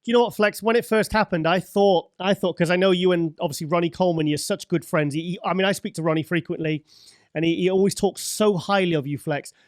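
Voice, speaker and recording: Male interviewer, high-ish voice, dry close sound, rambling friendly questions. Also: fairly even intonation, quick pace, no room sound. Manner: rambling, restarts questions, says "mate". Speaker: interview host. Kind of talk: casual interview.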